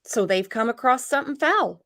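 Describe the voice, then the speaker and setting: A woman with a high voice hosts a true crime livestream at a moderate pace. She chats casually and animatedly with a guest and reads out viewer comments.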